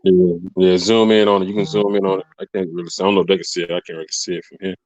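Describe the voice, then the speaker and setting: A man calling in to a casual chat, rushed and repeating himself. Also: deep voice, little pitch movement, darkish tone, no room sound, dull audio. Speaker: caller.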